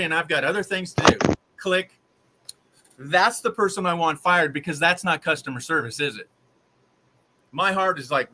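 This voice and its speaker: A man tells a long story to his live viewers, rambling and exasperated. His voice sits a little high and sounds bright and tense. Faint noise hums under it. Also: poor audio. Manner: rambling, exasperated, animated retelling. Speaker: live stream host.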